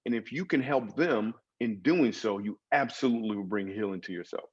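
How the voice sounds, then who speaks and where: A man's voice: fairly low pitch, brisk, husky, dull audio. A man guest on a podcast, a comedian and author, telling personal stories in an earnest, dramatic way with emphatic swings. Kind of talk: storytelling interview.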